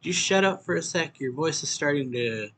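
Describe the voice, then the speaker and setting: A man's voice: mid-range voice, moderate pace, fairly bright tone, a little hiss or hum, natural voice. A man reading the lines of a cold, impatient figure who snaps out threats. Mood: curt. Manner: curt, dismissive threats.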